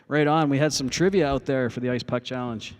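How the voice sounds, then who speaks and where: A man's voice: mid-range voice, steady tone, brisk, big-room sound. A man hosting a music livestream from an outdoor parking lot on a phone, chatting casually with lots of swearing and fillers, a bit winded after playing. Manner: rambling, profane, many fillers.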